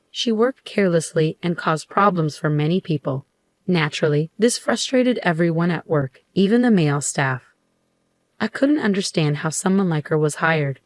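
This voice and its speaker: A middle-aged woman telling a first-person story in a steady, measured way. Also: fairly low pitch, no echo. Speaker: narrator.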